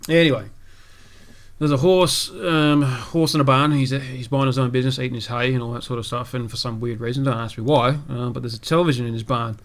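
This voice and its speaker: A man's voice: mid-range voice, steady tone, fairly quick. A man hosting a gaming podcast, telling a long joke in a rambling, casual way with many asides. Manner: rambling, lots of fillers and asides. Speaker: podcast host.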